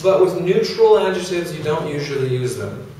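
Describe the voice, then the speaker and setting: A man's voice: a little high, expressive, normal speed, warm tone, a little hiss or hum. A man teaching an English grammar lesson to a class, explaining with many examples and fillers. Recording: echoey classroom from far off.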